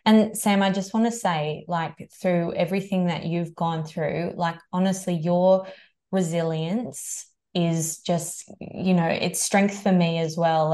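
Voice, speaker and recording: A woman with an Australian accent hosting a podcast, encouraging and affirming her guests. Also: fairly low pitch. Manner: warm, encouraging, affirms often. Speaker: podcast host. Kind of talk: casual interview chat.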